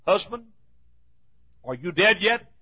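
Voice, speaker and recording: A man preaching a fiery sermon in a church, repeating his lines and rising to shouts. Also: high-pitched, big pitch swings, slow, breathy edge, muffled recording.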